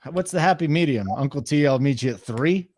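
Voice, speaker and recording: A man in his forties co-hosting a sports betting show, trading crude deadpan jokes in casual chat. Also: fairly high pitch, fast. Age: 40s.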